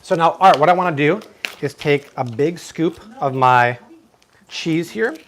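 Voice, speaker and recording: A man's voice: a little high, unhurried, fairly bright tone. A man hosting a live cooking demonstration in his kitchen, talking enthusiastically and exclaiming over the food. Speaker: cooking show host. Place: home kitchen.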